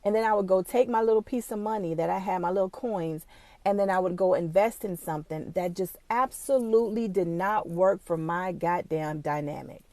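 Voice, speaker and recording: A woman's voice: on the low side, moderate pace, dark tone, no room sound. A woman who runs her own small business, talking straight to camera in a casual, motivational way, blunt and swearing freely, at times close to tears. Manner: emotional, fighting back tears.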